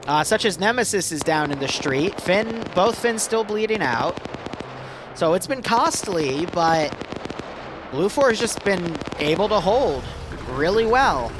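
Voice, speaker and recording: Male match caster, high voice, rapid play-by-play, noisy background. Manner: fast, excitable play-by-play with many fillers. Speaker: match commentator. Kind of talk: live game commentary.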